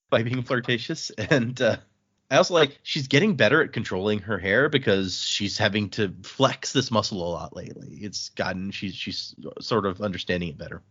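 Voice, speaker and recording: A man's voice: medium pitch, lively intonation, moderate pace, fairly bright tone, husky, muffled recording. A man hosting a book podcast, retelling scenes in casual chat and acting out the dialogue in shifting voices. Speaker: podcast host recapping a book.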